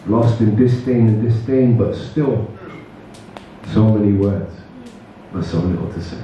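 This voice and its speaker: A man performing spoken word poetry at an open mic, with a measured, rhythmic delivery and casual asides between pieces, recorded from far off in an echoey room. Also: fairly low pitch, dark tone, slight background noise. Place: open mic event venue. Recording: echoey room, distant and muffled.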